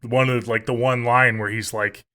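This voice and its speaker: A man co-hosting a podcast, chatting about a film in a relaxed, agreeable way. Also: medium pitch, normal speed. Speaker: podcast co-host. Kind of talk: casual film review chat.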